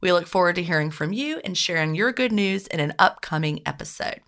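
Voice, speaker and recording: A woman's voice: on the low side, expressive, fairly quick. A woman co-hosting a podcast, chatting casually with many restarts and fillers. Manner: warm, chatty, lots of restarts. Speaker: podcast co-host.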